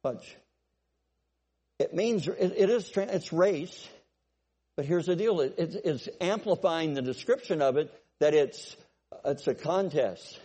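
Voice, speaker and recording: A man's voice: fairly high pitch, lively intonation, measured pace, mellow, slightly rough. A man preaching a sermon in a conversational way, often restarting and checking whether the congregation follows him. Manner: conversational, repeats himself, asks the congregation if they follow. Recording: long hall reverb.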